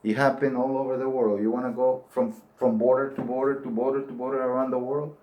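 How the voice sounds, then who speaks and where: A man's voice: mid-range voice, level tone, fairly quick, lo-fi sound, slight background noise. An older man giving an earnest, pleading monologue that rises into emphatic outbursts. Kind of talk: impassioned monologue to camera.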